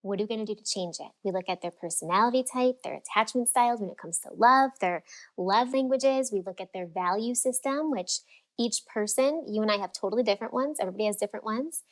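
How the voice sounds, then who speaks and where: Animated woman coach on a podcast. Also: on the high side, quick pace. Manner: animated, acts out quoted voices. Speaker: freedom and fulfillment coach, guest. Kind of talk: casual podcast interview.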